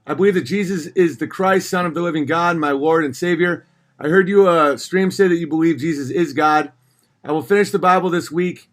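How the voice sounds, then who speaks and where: Reading out viewer messages on a loose livestream, a man with a fairly high pitch replies sardonically and brisk. He shifts constantly between jokey put-on voices and low grumbled asides in casual chat.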